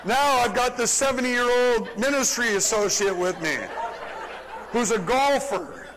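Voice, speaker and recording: A man with a high voice preaching from the front of a church, telling a story in an animated way and laughing along with it. The recording was made live, and his voice rings out into a long hall echo. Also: measured pace, pauses often, background noise. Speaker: pastor. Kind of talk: sermon storytelling. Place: church service, large room.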